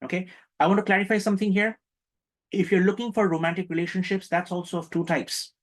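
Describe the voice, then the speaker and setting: A man with a somewhat high voice leads an interactive spiritual workshop. He jokes with his listeners and leans hard on key words to land each point. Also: level tone, fast talker, poor audio. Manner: playful, joking, emphatic, engages the audience. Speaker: meditation workshop instructor.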